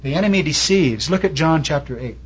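Man, pastor, preaching, storytelling, somewhat high voice, husky, muffled old recording. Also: lively intonation, a little fast. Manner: storytelling preacher, quotes people in raised voices. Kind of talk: sermon. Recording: dull lo-fi recording.

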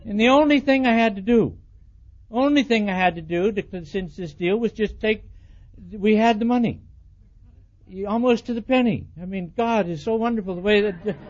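High-voiced preacher telling marriage stories. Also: male voice, normal speed. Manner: animated storytelling, acts out quoted dialogue, chuckles at himself. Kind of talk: sermon with personal stories. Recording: dull lo-fi recording.

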